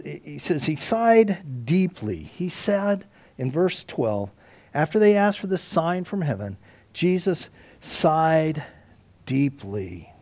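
A man leads a Bible study in a lively, rising and falling voice, raised a little high for a man. He booms on key points and drops to a near hush on others. The sound is close and dry. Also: no echo. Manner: animated, swings from loud emphasis to hushed tones; frequent restarts and throat clearing. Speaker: Bible teacher.

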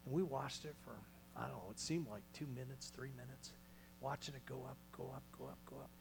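A male pastor delivers a sermon in a small church, his mid-pitched voice rising to loud calls and then dropping to hushed, almost whispered lines. A faint electrical hum sits underneath the recording. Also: steady tone, brisk, creaky.

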